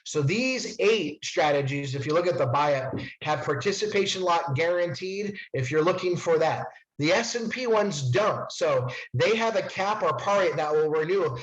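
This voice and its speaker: A man giving an upbeat sales presentation of a financial product to insurance agents, with quick asides. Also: sits high, lo-fi sound.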